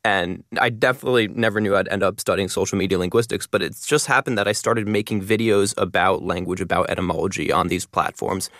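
A man in his twenties, a linguist and content creator, explaining his work in a quick, animated way in an interview. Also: low-pitched, no echo, clean studio sound. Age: 20s. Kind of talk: interview answers.

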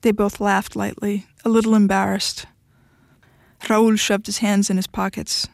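A woman reading a short story aloud in a steady, even storytelling manner. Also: mid-range voice, unhurried, creaky, dry recording, studio quality. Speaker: narrator.

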